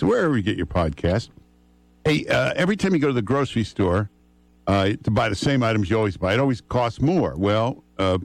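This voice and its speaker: A radio host, his voice sitting on the low side. He talks in a relaxed, conversational way and fills pauses with "uh" a lot. The sound is close and dry, straight from a studio mic. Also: no echo. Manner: relaxed, conversational, frequent "uh" fillers. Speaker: radio talk host filling in. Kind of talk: casual talk radio banter and live ad read. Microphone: studio broadcast mic.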